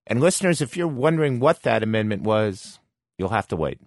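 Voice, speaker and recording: A man's voice: lowish voice, big pitch swings, no echo. Cohost guy tossing out playful questions, dry close mic. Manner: quick questions, playful, steers to the break. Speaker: history podcast co-host. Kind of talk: casual history discussion.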